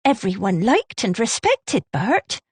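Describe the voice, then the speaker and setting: A woman voicing a composed, eerie baker's widow who speaks softly in a gentle Gloucestershire accent. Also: a little high, huge pitch swings, slow pace, slightly rough, no room sound, exaggerated voice. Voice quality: gentle, soft-spoken.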